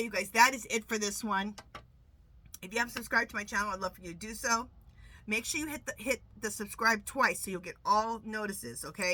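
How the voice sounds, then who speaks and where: A woman hosting her own tarot channel in a casual, rambling vlog chat, full of quick asides. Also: mid-range voice, pushed and bright. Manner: asks a pendulum questions, repeating "clear". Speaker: tarot reader and channel host.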